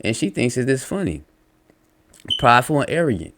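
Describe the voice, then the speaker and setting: A man delivers a combative, profanity-laced rant, reading out comments and lecturing his listeners. His pitch rises and falls in lively swings. He is blunt and relentless. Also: fairly quick, slight background noise. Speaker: religious commentator. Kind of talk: angry reaction rant.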